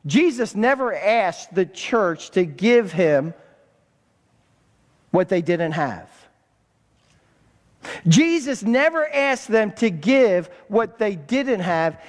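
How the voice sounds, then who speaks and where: Man, pastor, call-and-response sermon, very high voice, reverberant church hall. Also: big pitch swings, slow. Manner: call-and-response preaching, repeats words for emphasis. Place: church sanctuary.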